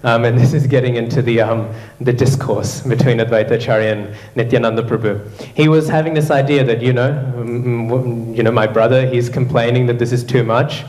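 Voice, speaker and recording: A man at a temple class narrates a devotional story, stepping briefly into the voices of its characters. He talks in a mid-range voice, pausing with "um" and a checking "hmm?". The sound carries the echo of a large room. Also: medium pitch, fairly even intonation, a little mellow. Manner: narrates with quoted voices, frequent "hmm?" and fillers. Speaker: class speaker. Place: temple hall. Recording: roomy echo.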